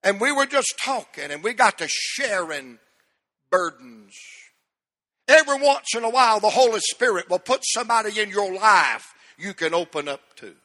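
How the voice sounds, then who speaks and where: High, bright-voiced preacher. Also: male voice, expressive, moderate pace, in a large hall. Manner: emphatic, repetitive preaching cadence. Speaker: pastor. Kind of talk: preaching a sermon.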